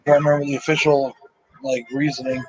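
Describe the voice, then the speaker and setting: A man's voice: mid-range voice, little pitch movement, quick pace, dull audio. A man hosting a casual live movie commentary, tired and sleepy, talking in a rambling, emotional and profane way with lots of fillers.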